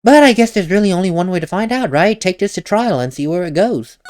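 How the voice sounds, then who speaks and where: A man's voice: high voice, animated, brisk, hardly any pauses, a little mellow. A man hosting a let's play, giving casual commentary with laughing, rambling asides.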